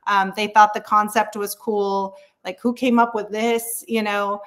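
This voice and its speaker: A woman's voice: mid-range voice, little pitch movement, unhurried, fairly bright tone. A woman in her thirties talks candidly as an interview guest. She speaks in a frank, chatty way and tells her story with lots of fillers and easy laughter. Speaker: real estate agent guest.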